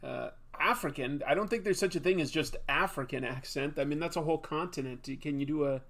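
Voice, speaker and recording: A man's voice: a little high, a little fast, fairly bright tone. A man hosting a casual live stream, chatting with viewers and laughing at himself a lot. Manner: chatty, self-deprecating, laughs often.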